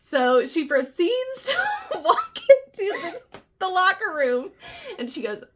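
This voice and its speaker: A woman's voice: extremely high pitch, huge pitch swings, slow, a bit bright. A woman co-hosting a casual book chat, laughing often as she retells scenes and acts out the characters' lines. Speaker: book podcast co-host.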